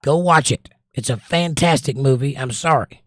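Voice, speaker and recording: On his livestream, a Southern American man reads out comments from viewers and answers them in a relaxed, talkative way, pushing movie picks with confident opinions. He speaks at a moderate pace with a middle pitch, and the sound is close and dry with no room echo.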